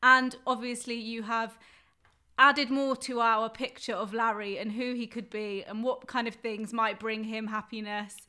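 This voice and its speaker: Bright-voiced woman co-host. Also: a little high, level tone, unhurried, clean tone. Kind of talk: casual interview chat.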